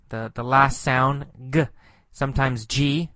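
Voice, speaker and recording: Patient male English teacher, slow and bright, repeats every word, close and dry. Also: mid-range voice, no echo. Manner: patient, repeats words, explains meanings.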